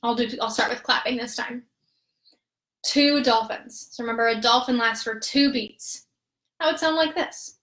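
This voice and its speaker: A woman with a slightly high voice leads a live-streamed rhythm lesson as a music therapist. She is patient and upbeat and counts out the beats slowly and clearly. Her voice rings in a roomy, echoey space. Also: a bit bright. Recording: roomy echo.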